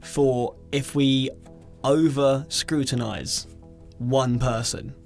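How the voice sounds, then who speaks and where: Slow-spoken male podcast co-host. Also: mid-range voice, fairly even intonation, gravelly, faint music behind. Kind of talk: casual chat.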